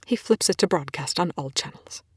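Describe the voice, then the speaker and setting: Husky woman reading a story aloud. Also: fairly low pitch, brisk, dry recording, studio quality. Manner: expressive, swearing, dropping to whispers. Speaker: reader. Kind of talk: fan fiction read aloud.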